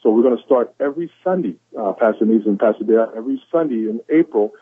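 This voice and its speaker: Husky man on a phone line. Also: medium pitch, quick pace, no room sound. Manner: enthusiastic, preachy, repeats lines for emphasis. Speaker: caller sharing quotes of the day. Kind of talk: motivational pep talk on a conference call.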